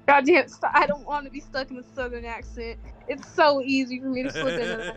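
A woman's voice: high voice, fairly even intonation, brisk. A woman playing a tabletop game, chatty and self-mocking in casual chat. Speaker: player.

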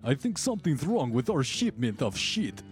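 A man's voice: mid-range voice, moderate pace, over loud music, voice pushed up, lightly acted. A man voicing a crude, rambling male innkeeper with a thick Scottish accent. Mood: worried. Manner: swearing, rambling, excitable bursts.

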